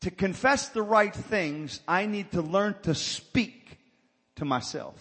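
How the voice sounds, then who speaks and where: A man's voice: high-pitched, expressive, slow, fairly bright tone, slightly rough, big-room sound. A male pastor preaching a sermon, calling for amens and building to fervent exhortation. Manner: call-and-response preaching, rising to fervent exhortation.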